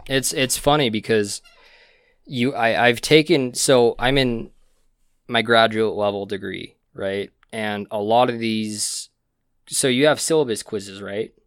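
A man's voice: lowish voice, a little slow, a bit bright, clear, resonant tone, dry recording, clean studio sound. A young man co-hosting a casual podcast chat, a rambling storyteller who laughs at his own stories, recorded on a podcast mic. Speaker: podcast co-host.

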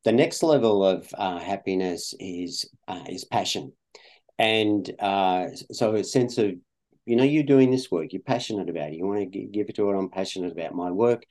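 A man's voice: fairly low pitch, lively intonation, normal speed, darkish tone. An Australian man, a guest in an interview, talking in a rambling way with many fillers and restarts. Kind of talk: conversational interview.

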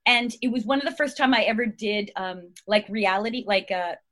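A woman's voice: medium pitch, steady tone, moderate pace, a bit bright. A woman in her fifties, a guest actress chatting casually, rambling through her thoughts and laughing often. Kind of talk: casual chat.

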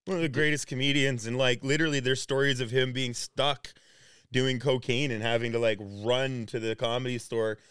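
A man's voice: mid-range voice, fairly even intonation, normal speed, a bit bright, smooth, dry recording, clean studio sound. A man co-hosting a podcast who chimes in with short reactions and swears casually. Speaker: podcast co-host. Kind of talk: casual chat.

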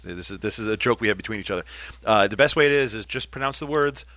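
An upbeat male radio host chatting casually with guests in the studio. His voice is bright and forward, and he moves easily from reading listener messages to friendly banter. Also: on the low side, quick pace. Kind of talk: casual on-air chat.

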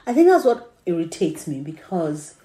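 A woman co-hosting a casual chat podcast, talking in a low, mellow voice. She is opinionated and rambling, and often restarts her sentences mid-thought. The room around her sounds echoey. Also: big pitch swings, normal speed. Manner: chatty, opinionated, trails off while searching her notes. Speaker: podcast co-host. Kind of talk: casual chat about dramas.

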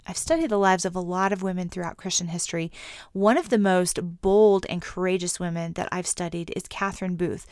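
A woman giving an earnest devotional teaching to women, reading quotations slowly and softly. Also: on the low side, smooth, dry recording, studio quality.

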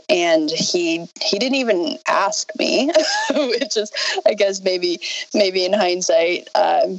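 A woman hosting a podcast, telling a personal story in an unhurried, reflective way. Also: lowish voice, no room sound. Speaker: podcast host. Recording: dull lo-fi sound.

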